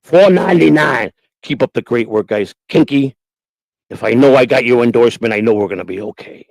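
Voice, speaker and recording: A man's voice: medium pitch, fairly quick, creaky, darkish tone, no room sound, rough recording. A man hosting a livestream, reading super chats in crude, grumbling, teasing casual chat. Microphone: homemade desk mic.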